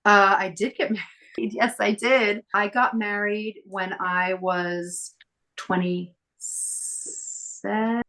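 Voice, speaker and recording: A middle-aged woman telling stories as a podcast guest, chatty and lively as she acts out the people she quotes. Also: mid-range voice, takes it slowly. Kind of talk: casual storytelling interview.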